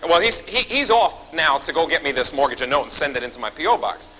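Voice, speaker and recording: Bright, animated New man. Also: fairly high pitch, fast talker, a little hiss or hum, rough recording. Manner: animated, acts out phone calls, talks to the audience. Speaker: seminar speaker. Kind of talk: seminar storytelling.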